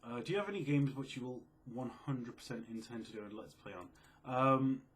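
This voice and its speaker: Young male video creator, soft-spoken and sleepy-sounding, casual Q&A, mid-range voice. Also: a little fast. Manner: quiet, low-key, self-described mellow and sleepy. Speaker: video creator answering viewer questions. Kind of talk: casual Q&A chat.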